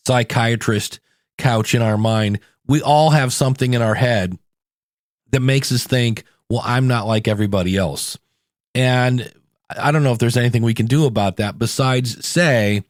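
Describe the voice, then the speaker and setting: A middle-aged man from the United States hosting a solo podcast, talking in a chatty, conversational way with animated asides. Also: medium pitch, no room sound, clean studio sound. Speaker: podcast host.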